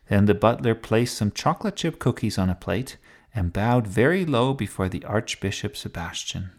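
A man hosting and reading a children's story, in a gentle, expressive way. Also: fairly low pitch, normal speed. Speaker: storyteller and podcast host.

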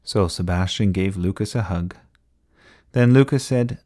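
A man reading a children's bedtime story aloud in an expressive storybook style. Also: deep voice, measured pace.

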